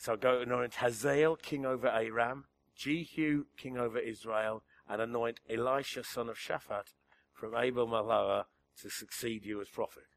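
A man preaching a sermon, swinging between emphatic lines and a hushed near-whisper, chuckling at his own jokes. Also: mid-range voice, fairly even intonation, normal speed, gravelly. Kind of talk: sermon to a church gathering.

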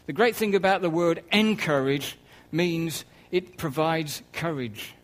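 A man preaching a conversational sermon, with soft laughs and quiet asides. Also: a little high, unhurried, poor audio.

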